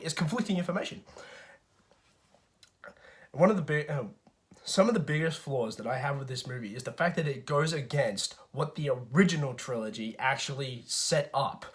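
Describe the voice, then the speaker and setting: Stammering, profane male movie reviewer. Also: on the high side. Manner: profane, frequent stammered restarts and fillers. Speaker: film reviewer. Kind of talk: casual movie review rant.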